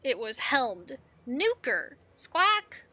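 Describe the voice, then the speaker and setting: A woman's voice: high-pitched, sing-song, drawn-out words, bright, forceful tone, full character voice. A woman voicing a proud bird beastman warrior who squawks and talks with inverted word order. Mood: agitated.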